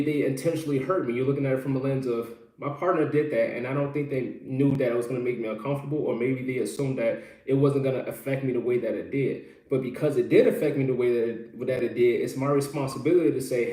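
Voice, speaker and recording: A man's voice: medium pitch, darkish tone, echoey room. A man giving relationship advice as a coach in an earnest, explanatory live-stream talk, often repeating his phrases.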